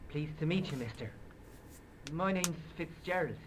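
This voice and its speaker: A man's voice: on the high side, animated, moderate pace, lightly acted. A man playing a jittery young Irish barman. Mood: nervous. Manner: nervous, hesitant. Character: nervous young red-haired Irish barman. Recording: noisy captured game audio.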